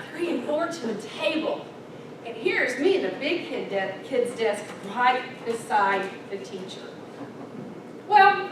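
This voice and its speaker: A woman in her fifties tells a humorous story to a speech club, singing snatches and acting out the people in it. Her voice sits high and swoops widely, at an unhurried pace. The mic is far off in a very echoey hall, with clear background noise. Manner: animated, sings snatches and acts out characters. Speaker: Toastmasters speaker.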